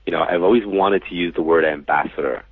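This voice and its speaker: A man's voice: low-pitched, fast, slightly rough, dry recording. A man, a psychic reader, casually telling anecdotes and acting out the people in them, with lots of fillers. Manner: animated anecdote-telling, acts out quoted voices, many fillers. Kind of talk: casual storytelling interview. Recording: tinny phone-like line.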